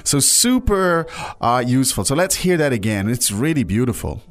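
A man's voice: mid-range voice, sing-song, moderate pace. A man hosting a language lesson podcast in a chatty, joking way with many fillers. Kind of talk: casual language lesson chat.

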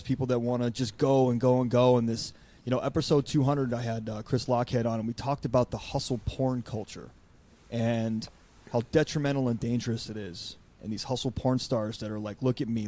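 A man hosting a podcast, talking in a rambling, animated way and acting out quotes. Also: mid-range voice. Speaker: podcast host. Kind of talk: casual podcast conversation.

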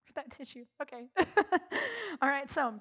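A woman's voice: high voice, sing-song, a little slow, a bit bright. A woman leading worship in a church, talking off the cuff with emotion, often laughing, her speech full of "like.". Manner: emotional, laughing through her words, heavy use of "like". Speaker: worship leader. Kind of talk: impromptu church talk. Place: church sanctuary.

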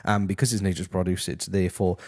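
A man hosting a comedic review from his house, talking deadpan and rambling with lots of ums. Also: sits low, fast, no room sound, clean studio sound. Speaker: host. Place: his house, walking to the kitchen.

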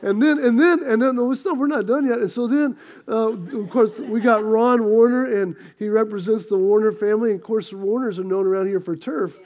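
A pastor giving a sermon in church, telling stories with humor and getting the congregation to respond. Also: male voice, high-pitched, a little fast, highs cut off. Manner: storytelling, lively and joking, asks the congregation to respond. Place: church sanctuary.

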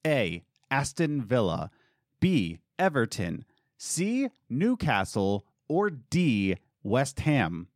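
Animated man hosting a podcast quiz. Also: medium pitch, takes it slowly, no echo, clean studio sound. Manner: animated, laughing, quizzing a guest. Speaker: podcast host. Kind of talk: casual podcast chat, reading quiz questions.

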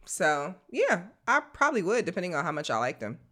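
A woman's voice: on the low side, sing-song, fairly quick, a bit bright. A woman in her thirties co-hosting a casual chat, talking bluntly and profanely with lots of animation. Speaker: podcast co-host.

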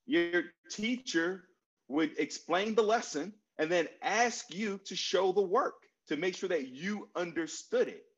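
A man in his forties answering a question in a relaxed interview, telling stories and repeating key phrases with many fillers. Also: on the high side, lo-fi sound. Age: 40s. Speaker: guest speaker on mental health.

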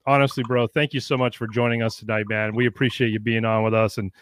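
Jokey podcast host in a dry room. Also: male voice, mid-range voice, level tone, fast, clear, resonant tone, no room sound. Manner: jokey, warm banter, thanks guests. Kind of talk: casual chat.

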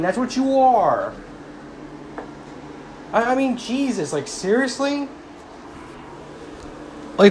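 A man's voice: sits high, a little hiss or hum. A young man ranting heatedly about baseball, mocking rival fans and swearing. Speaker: sports commentator. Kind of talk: casual sports rant.

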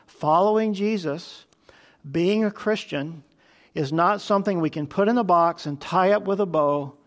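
A man preaching a sermon as pastor, conversational and earnest, often asking his listeners questions. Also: fairly high pitch.

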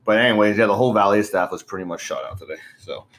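A young man in his twenties with a fairly low voice chats casually. He rambles and swears freely. He peppers his talk with "bro" and frequent laughs. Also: fast talker, a bit bright. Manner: profane, rambling, laughs often, says "bro". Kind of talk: casual chat.

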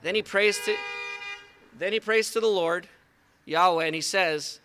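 A man preaching a sermon at an outdoor service, retelling stories in a conversational, animated way. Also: high voice, measured pace, pauses often. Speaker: pastor.

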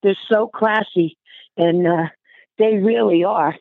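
A woman's voice: medium pitch, takes it slowly, creaky, no echo. An older woman, short of breath, chatting affectionately in an interview and calling the listener honey. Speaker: interviewee, aunt. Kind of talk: casual phone chat. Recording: tinny phone line, dry.

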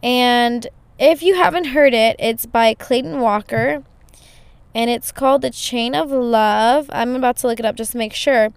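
A woman's voice: a little high, smooth, no room sound. A woman hosting a podcast, telling a story in a casual, chatty way with lots of "you know" fillers. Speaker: podcast host.

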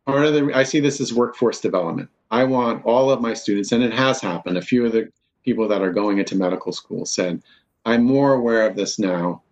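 A man's voice: on the low side, brisk. A man, a university professor, talking candidly and with self-deprecating humor in an interview. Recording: dull lo-fi sound.

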